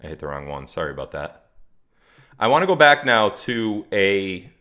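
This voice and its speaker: Guy doing a livestream, lowish voice, chatty and a bit mocking, reads out the chat. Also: sing-song, moderate pace, pushed and bright. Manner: chatty, mocking, reads viewer comments aloud. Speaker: livestream host. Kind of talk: casual livestream talk to chat.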